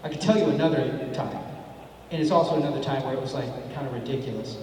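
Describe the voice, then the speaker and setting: A middle-aged man spins a laid-back story for a fan panel, acting out the lines of the people in it. His voice is neither high nor low. It reaches the recording from across a large, echoing convention hall with a long reverb tail. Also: fast, a little mellow. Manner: laid-back, laughing, acts out dialogue in his stories. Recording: echoey hall from far off, faint noise.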